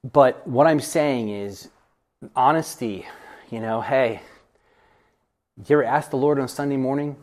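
Animated man teaching a church group. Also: medium pitch, unhurried, long pauses. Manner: animated, self-deprecating, acts out quoted voices. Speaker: pastor. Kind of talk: informal Bible study teaching.

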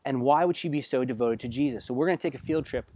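Man preaching with sudden loud-soft swings. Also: mid-range voice, fast. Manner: conversational preaching, asks listeners direct questions; swings between soft, hushed passages and loud emphatic bursts. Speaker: pastor. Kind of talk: sermon.

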